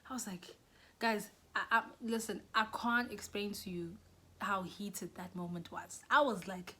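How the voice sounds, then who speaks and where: A young South African woman telling a storytime vlog, animated, often dropping into whispers and rising into shrill bursts. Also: a little slow, a little hiss or hum. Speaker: YouTuber.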